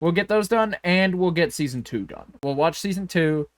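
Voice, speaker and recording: A man's voice: high voice, expressive, moderate pace, dry recording. A man co-hosting a podcast in casual chat, rambling and swearing, often breaking off and restarting his sentences. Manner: rambling, profane, self-interrupting. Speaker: podcast co-host.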